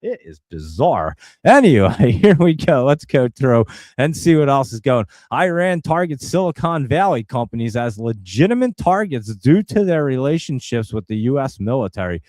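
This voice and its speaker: A man's voice: mid-range voice, sing-song, normal speed, darkish tone, dry recording, clean studio sound. A man from New Jersey hosting a live stock market stream, talking casually and rambling in an exasperated way to his viewers. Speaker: stock market show host.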